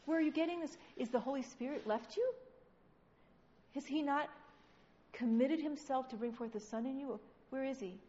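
A woman preaching a sermon, firing off rapid rhetorical questions with a teasing edge. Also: high voice, warm tone. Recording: dull recording with long hall reverb.

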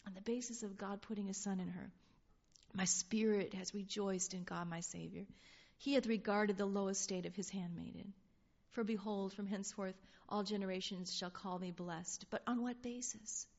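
A woman leading an informal Bible study, reading scripture aloud and talking in an animated, laughing way. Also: mid-range voice, moderate pace. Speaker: Bible teacher. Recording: dull lo-fi sound.

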